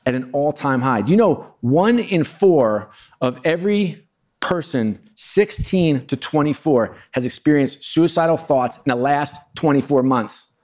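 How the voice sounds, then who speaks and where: Middle-aged man, medium-pitched voice, keynote storytelling, chatty, self-deprecating asides, live audience. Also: darkish tone. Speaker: keynote speaker.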